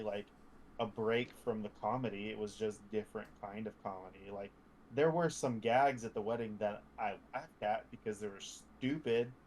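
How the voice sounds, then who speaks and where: A man's voice: lowish voice, a little mellow, slight background noise, poor audio. A man co-hosting a podcast in casual chat, blunt and opinionated, often cutting in. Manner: blunt, opinionated, quick to interrupt. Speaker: podcast co-host.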